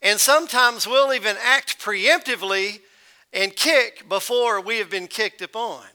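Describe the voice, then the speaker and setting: Male pastor, folksy sermon storyteller, high clear voice. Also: measured pace, sharp tone.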